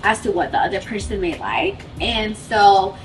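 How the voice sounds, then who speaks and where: A woman's voice: mid-range voice, moderate pace, faint music behind. A woman telling a casual story, chatty and cutting in, acting out what each person said. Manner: chatty, quotes dialogue, cuts in. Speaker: vlogger telling couple story. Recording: roomy sound from a distance.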